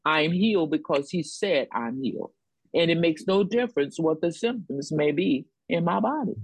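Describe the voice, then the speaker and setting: A woman preaching in a call-and-response rhythm, leaning on repeated phrases to drive each point home. Her voice is breathy and soft-edged. The sound is dry and close, with no room around it. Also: sits low, lively intonation, normal speed, no room sound, poor audio. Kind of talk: sermon.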